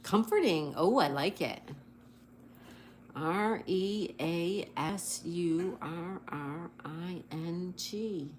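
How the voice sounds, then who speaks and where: A woman speaks very slowly in a fairly low voice, with a little hiss or hum in the recording. She's hosting a casual livestream, cheerfully spelling words letter by letter and reading out viewer comments.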